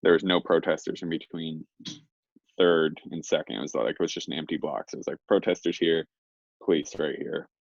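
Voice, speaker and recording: A young man with a low voice and a gravelly, creaky edge tells a story in a loose, rambling way, filling gaps with "like" and "um". The recording is dry and a little dull and lo-fi. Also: fairly even intonation, a little fast, dry recording. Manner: rambling, heavy on fillers. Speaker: interview guest. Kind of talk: casual storytelling.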